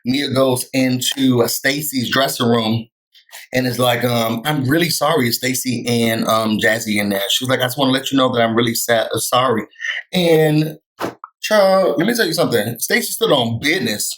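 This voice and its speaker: A man hosting his own vlog, telling a reality-show recap in a sassy, animated way and acting out what the cast said. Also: mid-range voice, normal speed, rough recording. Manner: sassy, animated storytelling, acting out quoted lines. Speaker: recap vlogger.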